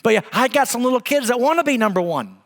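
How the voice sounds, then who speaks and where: High-voiced middle-aged pastor, reverberant hall. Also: male voice, fast. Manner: storytelling with humor, animated. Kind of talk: sermon. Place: church sanctuary.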